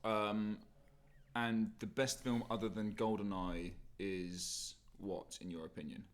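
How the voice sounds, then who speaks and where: A man's voice: lowish voice, flat delivery, takes it slowly, slight background noise. A young man, co-hosting a casual chat, talking animatedly and swearing freely while mimicking other people. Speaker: podcast co-host.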